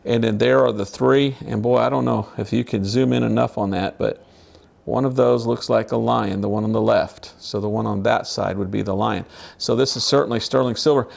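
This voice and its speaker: A man's voice: medium pitch, steady tone, moderate pace, vocal fry, darkish tone. A man who collects knives, casually talking through a demonstration and musing aloud with a self-amused manner. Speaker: knife collector showing his knives.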